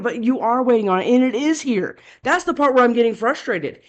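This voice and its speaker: A woman's voice: a little high, animated, a little fast, few pauses. A woman giving a casual tarot reading, talking bluntly and chattily, scolding and cursing freely. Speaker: tarot reader.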